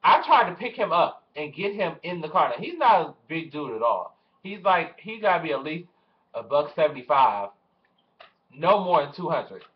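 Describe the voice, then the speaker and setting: Young male vlogger, animated storyteller, slightly high voice, dull lo-fi webcam sound. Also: moderate pace. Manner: animated, swearing, acts out quoted voices. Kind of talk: casual storytelling to camera.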